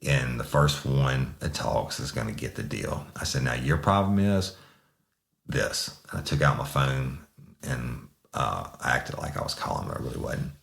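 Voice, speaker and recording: A man's voice: extremely low pitch, normal speed, creaky, fairly bright tone. A middle-aged man, a former police sergeant, recounting a case in a profane, laid-back way.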